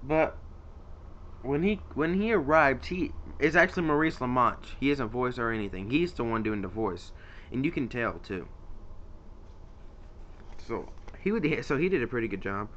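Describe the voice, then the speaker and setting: A man's voice: medium pitch, expressive, normal speed, long pauses, a bit bright, muffled recording, slight background noise. A man casually rambling about his favorite voice actors in an unscripted vlog, with lots of fillers and restarts. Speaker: YouTuber ranking voice actors.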